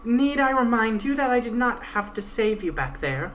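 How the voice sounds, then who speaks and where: A woman's voice: fairly high pitch, big pitch swings, normal speed, soft background music, voice pushed up. Woman voicing a stern fanatical warrior guide. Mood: menacing. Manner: cold, formal and threatening.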